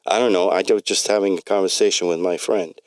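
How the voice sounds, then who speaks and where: A man's voice: deep voice, fairly even intonation, fast talker, no room sound. A man voicing a sick, desperate middle-aged patient in a read-aloud story. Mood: confused. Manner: pleading, urgent.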